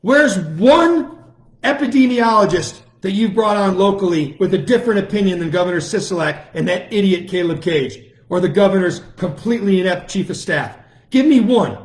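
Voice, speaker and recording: A man's voice: high voice, expressive, normal speed. A middle-aged man from the United States, hosting his own online show and delivering a combative political monologue full of taunting, repeated challenges. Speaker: lawyer and online show host.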